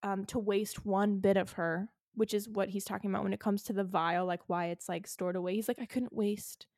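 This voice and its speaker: A woman's voice: mid-range voice, level tone, a little fast, a little mellow, dry recording, studio quality. A woman co-hosting a podcast, recapping a book in casual chat and leaning hard on "like" as a filler. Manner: chatty, heavy use of "like". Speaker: podcast co-host.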